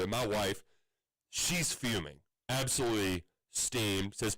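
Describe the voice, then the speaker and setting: A man's voice: medium pitch, moderate pace, a bit bright, no echo, low-quality recording. A man in his thirties on sports radio, telling an exasperated story with many restarts and quoted voices. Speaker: radio show co-host.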